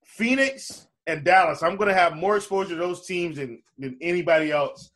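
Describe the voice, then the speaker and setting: A man's voice: high-pitched, moderate pace, fairly bright tone. A man co-hosting a casual basketball betting podcast, talking in a loose way with fillers and restarts. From lives in Charleston area. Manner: conversational, hesitant fillers and restarts. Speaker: fantasy basketball podcast co-host.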